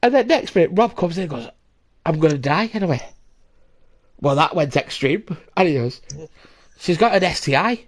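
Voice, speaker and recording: He's a young man hosting a podcast, his high voice sing-song at a normal speed with long pauses. His casual storytelling wanders, full of swearing, regular laughs and voices he acts out.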